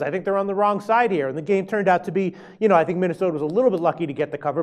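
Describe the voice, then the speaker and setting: A man hosting an interview, asking brisk, leading questions. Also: on the high side, a little mellow. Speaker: host. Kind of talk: interview host.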